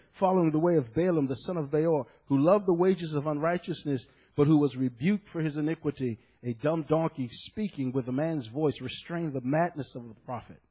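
A man preaching a sermon as pastor, passionate and dramatic, dropping low and then rising to shouts before his congregation. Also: husky. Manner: impassioned preaching, swinging from hushed to shouting. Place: church.

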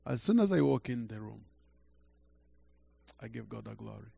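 An older man preaches through a story with a gravelly voice. He halts, repeats words and swings from quiet to loud. The recording sounds dull and lo-fi. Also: mid-range voice, animated, moderate pace. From Uganda. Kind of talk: storytelling sermon.

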